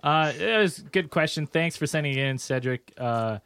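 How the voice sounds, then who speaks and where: A man's voice: on the high side, lively intonation, normal speed, a bit bright, clean tone. A man hosting a casual podcast, rambling and swearing often as he talks with friends. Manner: rambling, swears a lot, laughs easily. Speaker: podcast host.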